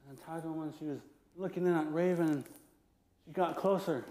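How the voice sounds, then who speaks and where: A man telling a traditional legend aloud at a live talk, with playful, animated narration. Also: on the high side, moderate pace. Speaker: traditional storyteller. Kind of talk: live oral storytelling. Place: lecture hall. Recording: echoey lecture room.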